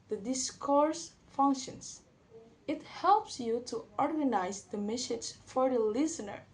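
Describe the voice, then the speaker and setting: A young woman giving a class presentation, reading from notes a little haltingly. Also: on the high side. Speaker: student presenter.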